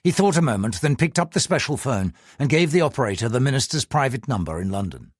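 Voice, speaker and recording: A man reads an audiobook with expressive storytelling and a lively, husky voice. The recording is close and dry. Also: medium pitch, fast talker, no echo. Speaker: audiobook narrator. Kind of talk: scripted audiobook narration.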